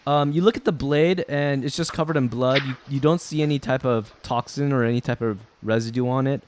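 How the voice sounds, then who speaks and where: A man's voice: mid-range voice, fairly quick, background noise. A man narrating a tabletop game as game master, explaining rules and describing scenes with frequent ums.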